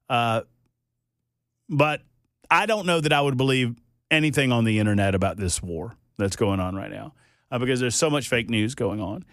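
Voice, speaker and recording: A man's voice: medium pitch, a bit bright, no room sound, studio quality. A man hosting a talk radio show, rambling and joking with lots of fillers and restarts. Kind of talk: casual talk radio banter. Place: radio studio.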